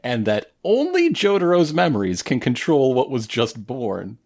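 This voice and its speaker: A man's voice: mid-range voice, big pitch swings, normal speed, a little mellow. A man co-hosting a podcast, recapping an anime in casual chat with a joking, storytelling manner. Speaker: podcast co-host.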